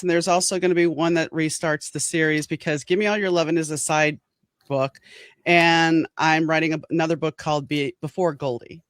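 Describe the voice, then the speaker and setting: A woman's voice: low voice, no room sound. Earnest woman author, dry close sound. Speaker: author guest. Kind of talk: casual interview chat.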